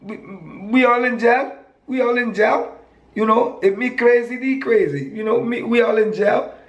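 A man's voice: very high voice, measured pace, pitched above the performer's own voice. A man voicing a touchy, dismissive male inmate from the Virgin Islands with a Virgin Islands Creole accent and broken "me don't" phrasing, in an echoey room with faint noise. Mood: agitated.

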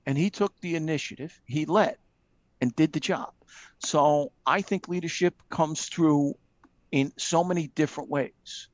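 A middle-aged man, a retired fire captain, telling lively stories with frequent ums and acting out the dialogue he quotes. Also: fairly high pitch, measured pace, no room sound, lo-fi sound. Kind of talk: casual storytelling in a live video chat.

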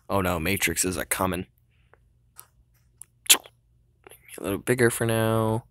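A young man talks over his own game in a cocky, trash-talking way and breaks into bits of song now and then. His voice sits fairly low and his talk is slow and unhurried. The sound is dry and close. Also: fairly bright tone, dry recording. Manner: cocky, trash-talking, singing along in bursts. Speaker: gamer. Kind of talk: casual gameplay commentary.

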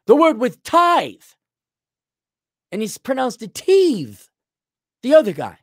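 A man's voice: very high-pitched, a little slow, long pauses, no room sound, clean studio sound. Blunt, sarcastic middle-aged man ranting. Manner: blunt, sarcastic, animated, mocks others in put-on voices. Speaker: vlogger. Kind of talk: ranting monologue to camera.

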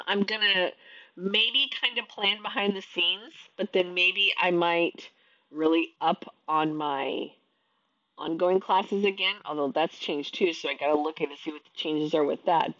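A woman's voice: fairly low pitch, fairly bright tone, dry recording, muffled recording. A woman in her thirties, an online teacher, venting her frustration in a casual talk to camera, often restarting her sentences.

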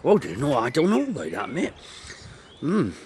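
A man's voice: fairly high pitch, huge pitch swings, moderate pace, a little mellow, slight background noise. Drawling man. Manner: drawling, lots of murmured agreement. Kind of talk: casual banter.

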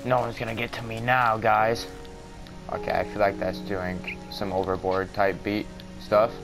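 A young man casually commentating his own game, mumbling to himself and then bursting out in excitement. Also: fairly low pitch, measured pace, over music, rough recording. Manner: excitable, swings from mumbling to yelling. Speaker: gamer. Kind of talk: casual let's-play commentary. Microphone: cheap mic with white noise.

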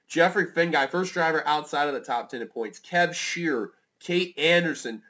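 A man calling a motor race play by play, excitable and rising to near-shouts at close finishes. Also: fairly high pitch. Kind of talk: live motorsport commentary.

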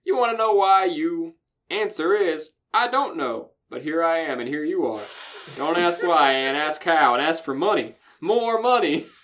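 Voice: mid-range voice, expressive, normal speed, fairly bright tone, voice pushed up, natural voice. A podcaster reading fan fiction aloud and voicing a brash, boastful male college recruiter who talks up money and greatness. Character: boisterous smooth-talking male college recruiter.

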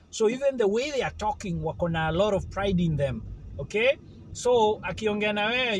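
Male vlogger, high pitch, animated and casual, keeps checking in with the viewer. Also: noisy background. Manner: animated, keeps asking if the listener follows. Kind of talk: casual chat to camera.

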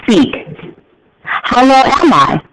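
A man reading a jealous young woman's insults aloud in a flat voice, pausing at commas and rising at questions. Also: extremely high pitch, background noise, voice pushed up, full character voice. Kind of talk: plain read-aloud of a verse scene.

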